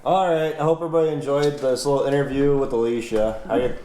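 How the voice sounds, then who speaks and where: A man's voice: mid-range voice, steady tone, fast, mellow. A young man hosting his farm vlog, chatting in an easygoing, folksy way indoors at a family house. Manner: easygoing, folksy, rambling with restarts. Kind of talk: casual chat. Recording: roomy indoor sound with faint noise.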